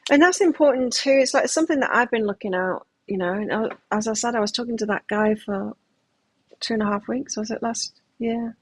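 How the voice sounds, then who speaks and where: A woman's voice: a little high, a little fast, breathy edge, poor audio. A middle-aged woman giving a live tarot reading, talking in a reflective, self-help manner with frequent restarts. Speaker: tarot reader.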